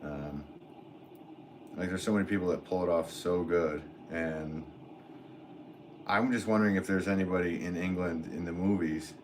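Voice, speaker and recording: An American man in his forties, a potter chatting casually on a livestream and reading viewer comments in a rambling, relaxed way. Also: low voice, moderate pace, pauses often, a little hiss or hum, rough recording. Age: 40s. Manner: rambling, relaxed, filler-heavy talk with laughs. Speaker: potter streaming live.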